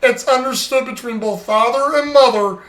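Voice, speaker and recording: A man's voice: very high voice, normal speed, fairly bright tone, reverberant, low-quality recording. A man co-hosting a casual chat podcast, recapping a TV episode in a rambling way with lots of fillers. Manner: rambling, acts out quoted lines, frequent fillers.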